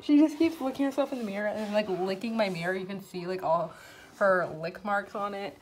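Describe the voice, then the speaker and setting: A woman's voice: mid-range voice, fairly quick, darkish tone, slight background noise. A woman hosting a casual vlog from home. She chats, giggles and talks to her puppy. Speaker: vlogger host. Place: home bedroom, indoors.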